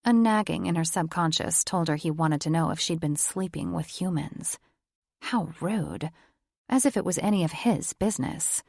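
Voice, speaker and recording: Woman reading a romance audiobook, gravelly kinda low voice, super dry. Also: normal speed, darkish tone, no echo. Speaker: audiobook narrator. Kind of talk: scripted narration.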